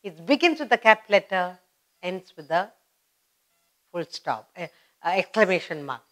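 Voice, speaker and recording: A woman with an Indian English accent teaching a grammar lesson, slowly and patiently repeating example sentences. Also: on the low side, big pitch swings, a bit bright.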